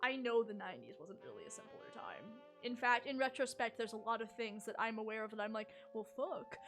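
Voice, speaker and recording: A woman in her thirties chatting as co-host in a teasing, playful way. Her voice is high and bright. Faint music plays behind her. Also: lively intonation, fast. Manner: playful, teasing, laughs often. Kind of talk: casual chat.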